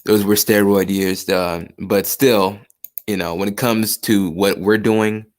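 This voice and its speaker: A man's voice: on the low side, fairly even intonation, takes it slowly. A man hosting a casual chat, rambling loosely, reaching for sports comparisons and swearing offhand. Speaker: host, real estate investor.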